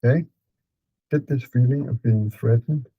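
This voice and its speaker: Calm man guiding a therapy session. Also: mid-range voice, normal speed, breathy edge, dry recording, narrow, tinny audio. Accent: Danish. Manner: calm, repetitive prompting with fillers.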